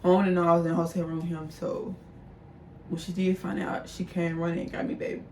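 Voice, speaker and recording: A woman's voice: lowish voice, level tone, fast, far from the mic. A young woman casually telling a personal story to her viewers, chatty and talking straight to the audience. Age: young adult. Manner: chatty, addresses viewers as y'all. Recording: roomy echo, voice a bit off-mic, faint background hum.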